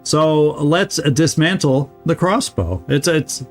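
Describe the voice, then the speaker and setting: A man's voice: on the high side, slow pace, soft background music. A man streaming a video game, giving casual let's-play commentary, chatty and often laughing as he talks to his viewers.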